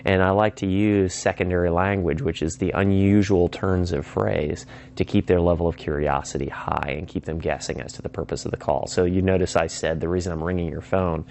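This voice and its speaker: A man's voice: low voice, fairly even intonation, fairly quick, few pauses, a little mellow. A man giving an instructional talk on phone sales, emphatic and acting out sample call lines. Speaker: sales trainer.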